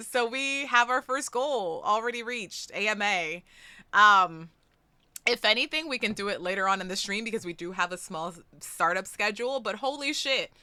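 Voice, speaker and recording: A young woman hosts a live stream with a very bright, clear tone, recorded close and dry. She talks casually to her chat, excitable and quick to swear, swinging from easy chatter to squeals. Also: mid-range voice, dry recording. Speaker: streamer hosting a charity stream.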